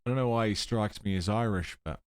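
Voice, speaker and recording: In a clean, dry studio recording, a man with a lowish, clear, resonant voice talks fairly quickly while livestreaming a puzzle game. He reasons out loud, mutters guesses, and swears at times, and he greets viewers in excited bursts of chat as part of his live commentary.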